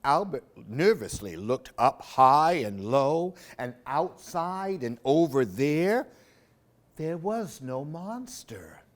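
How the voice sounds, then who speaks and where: Slow, expressive male storyteller. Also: fairly high pitch. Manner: expressive, sing-song. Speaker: storyteller for a library program. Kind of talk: reading picture books aloud.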